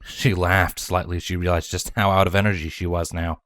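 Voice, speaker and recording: A man reading fan fiction aloud as storybook narration, measured and dramatic. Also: deep voice, little pitch movement, fairly bright tone, dry recording. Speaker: fanfiction reader.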